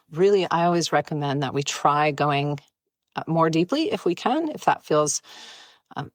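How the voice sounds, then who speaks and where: In a live stream captured on a close mic, a breathwork guide with a low voice gives instructions. Her manner is soft, playful, and relaxed, and the recording is dry.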